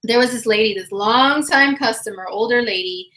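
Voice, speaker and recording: A woman hosting a livestream chat, telling a story in a casual, animated, slangy way and acting out quotes, her voice slightly hoarse. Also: fairly high pitch, moderate pace, rough recording. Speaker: livestream astrology host.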